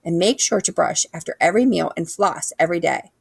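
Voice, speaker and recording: A woman's voice: fairly low pitch, vocal fry, breathy edge, dry recording. Woman doing Doctor Gag, a stern scolding dentist. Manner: slow, scolding and bossy.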